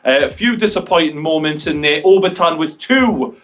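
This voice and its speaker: A man's voice: on the high side, lively intonation, normal speed, a bit bright. A man with a Geordie accent chatting casually, rambling and joking about a match. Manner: rambling, jokey banter. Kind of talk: casual chat.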